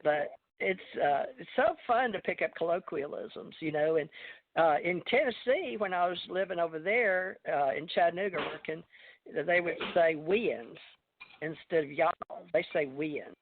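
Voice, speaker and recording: A man's voice: on the high side, normal speed. A man from Louisiana and Texas with a Southern drawl, telling rambling, folksy stories in casual chat. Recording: phone-like call audio.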